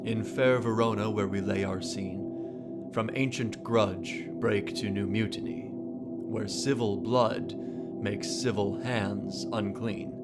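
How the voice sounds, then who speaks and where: A man with a fairly low voice gives a dramatic verse recitation. He speaks very slowly and measures each phrase with stately care. Loud instrumental music plays beneath him. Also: steady tone. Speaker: reciting actor.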